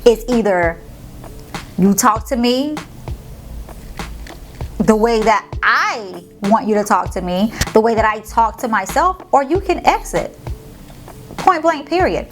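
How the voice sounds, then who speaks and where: A woman's voice: a little high, animated, slow, pauses often, faint music behind. Sassy woman giving a pep talk. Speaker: motivational vlogger and podcast host. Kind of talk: casual motivational talk to camera.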